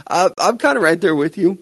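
A man's voice: high voice, lively intonation, normal speed, fairly bright tone, breathy edge, no echo. A young man co-hosting a podcast, chatting casually and teasing his co-host with plenty of laughter. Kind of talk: casual chat.

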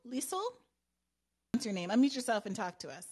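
A woman's voice: a little high, animated, brisk, darkish tone, breathy edge. A woman hosting a call-in podcast, chatting casually with callers and laughing often. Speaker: podcast host taking calls.

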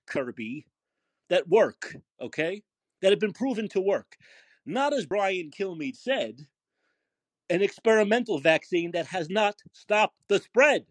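A man's voice: high-pitched, big pitch swings, unhurried, no echo. A man hosting a call-in podcast, ranting angrily and swearing heavily. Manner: profane, ranting, emphatic. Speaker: podcast host. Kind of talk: angry call-in show rant.

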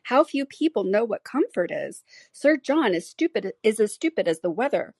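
A woman voicing a sour, peevish gentleman in an audiobook, grumbling slowly and with contempt. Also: fairly high pitch, very animated, breathy edge, no room sound, clean studio sound, pitched above the performer's own voice, full character voice. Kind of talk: audiobook character reading.

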